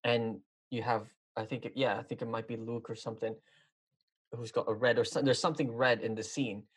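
Man, casual chat, rambling, hesitant, lots of fillers, mid-pitched. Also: little pitch movement, brisk, slightly rough.

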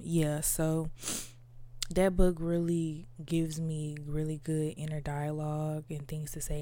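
Low, mellow-voiced woman podcast host. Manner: reflective, candid, many fillers like "like" and "you know". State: tearful at times. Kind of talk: casual personal monologue.

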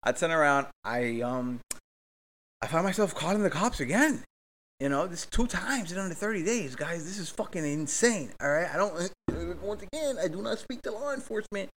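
A young man from hosts a casual podcast. His storytelling is excitable and full of swearing, and he acts out every exchange as he retells it. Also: high-pitched, moderate pace, a little hiss or hum. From Miami, Florida. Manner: profane, excitable, acts out the dialogue. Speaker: podcast host. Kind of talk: animated storytelling.

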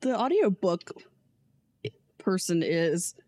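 A woman's voice: lowish voice, big pitch swings, slow pace, darkish tone, no room sound, studio quality. A woman co-hosting a casual book podcast, making joking asides and giggling. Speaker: podcast co-host. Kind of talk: casual book-club chat.

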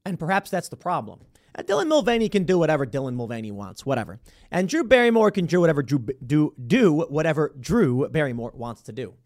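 A man's voice: on the high side, fast. Sarcastic man hosting political commentary. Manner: sarcastic, rambling, animated. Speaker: political podcast host. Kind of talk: opinion commentary.

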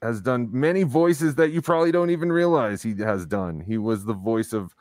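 This male podcast co-host talks in a loose, rambling way, full of fillers and restarts, in casual chat. His mid-range voice is expressive with a darkish tone and a moderate pace, recorded dry at studio quality.

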